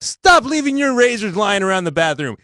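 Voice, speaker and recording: Man doing a booming infomercial read. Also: big pitch swings, a little fast, pushed and bright, no echo, clean studio sound. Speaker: co-host.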